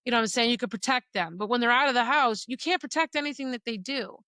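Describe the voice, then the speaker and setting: A woman's voice: on the high side, fast talker, sharp tone, no echo. A middle-aged woman co-hosting a faith podcast, speaking earnestly and emotionally about parenting. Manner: earnest, emotional at times, uses quoted dialogue. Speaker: podcast co-host. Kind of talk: personal faith talk.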